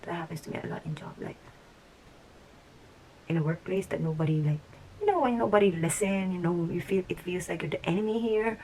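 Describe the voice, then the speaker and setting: A woman's voice: lowish voice, a little fast, dark tone, a little hiss or hum, poor audio. A woman vlogger talking casually to camera about her life, reflective and rambling, sometimes dropping to a whisper. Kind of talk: casual vlog talk to camera.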